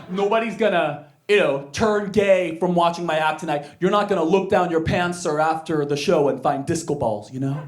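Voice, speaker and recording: High-voiced, animated Korean-born male comedian. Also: background noise. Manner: animated storytelling, jumps into high squealing character voices. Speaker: stand-up comedian. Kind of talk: stand-up comedy set. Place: comedy stage with audience.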